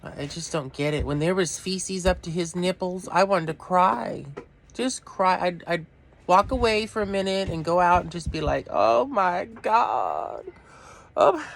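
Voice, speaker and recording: This is a blunt, swearing rant to camera from a middle-aged male vlogger who rambles off topic. His high-pitched voice has a fairly bright tone, and his pace is moderate.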